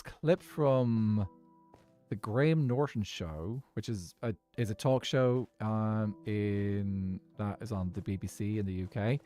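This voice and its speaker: A man with an Irish accent chats loosely while livestreaming a game. He drifts from one tangent to the next, laughing often, in a mellow, dark tone over faint background music. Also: mid-range voice. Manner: rambling, digressive, laughs often. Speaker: streamer.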